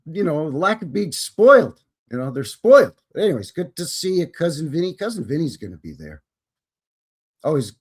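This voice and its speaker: A man's voice: a little high, breathy edge. A Canadian man hosting a live stream in a folksy, jokey, casual way. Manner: folksy, jokey, greets viewers by name. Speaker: host.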